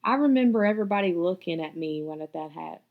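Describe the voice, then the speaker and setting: A woman's voice: on the low side, expressive, fast, narrow, tinny audio. A young woman, hosting a podcast and telling a personal story in a blunt, profane, candid way. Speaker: podcast host.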